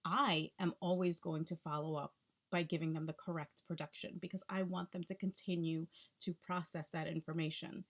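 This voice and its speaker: A woman's voice: lowish voice, level tone, moderate pace. A woman speech-language pathologist explaining techniques in a chatty, instructional way, checking in with the listener often.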